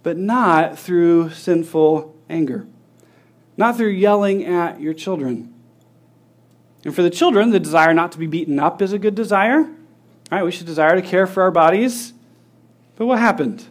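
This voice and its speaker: A man's voice: high-pitched, normal speed, pauses often. A man preaching a sermon, teaching earnestly with rhetorical questions and acting out everyday scenes. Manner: acts out scenes with lively voices.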